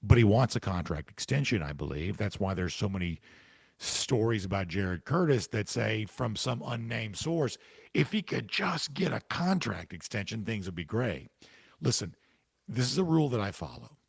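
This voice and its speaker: A man's voice: lowish voice, lively intonation, normal speed, creaky, slightly rough, no room sound. A man hosting a sports talk podcast, answering listener comments with casual, emphatic, opinionated commentary while he has the hiccups.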